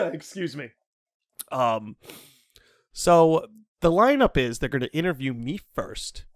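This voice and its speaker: A young man hosting a podcast, telling a college story with lively quoted voices and frequent laughter. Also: on the high side, takes it slowly, no room sound, clean studio sound. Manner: animated storyteller, acts out quotes, laughs a lot. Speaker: podcast host. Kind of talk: casual storytelling chat.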